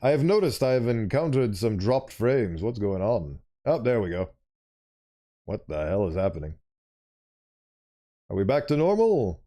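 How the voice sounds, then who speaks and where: A man's voice: lowish voice, sing-song, a little slow, long pauses, dark tone. A man streaming a game, reading the story aloud and chatting playfully between lines. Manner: playful, chatty, self-interrupting. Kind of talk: let's play with reading aloud.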